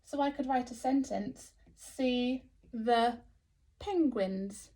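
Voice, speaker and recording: Slow, encouraging English teacher woman. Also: on the high side, mellow, a little hiss or hum. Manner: slow, sounding out letters, encouraging. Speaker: early years teacher. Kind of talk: phonics lesson for young children.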